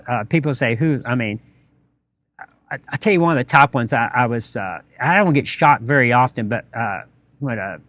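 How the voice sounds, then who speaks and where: A man's voice: medium pitch, a bit bright, no room sound. A man with a Texan accent, a restaurant co-owner on a podcast, telling rambling anecdotes full of fillers and acting out the dialogue. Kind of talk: casual storytelling interview.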